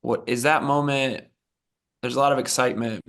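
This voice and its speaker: A man with a gravelly, fry-edged voice asks relaxed interview questions as a podcast co-host. He slips in joking asides between questions. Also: mid-range voice, moderate pace.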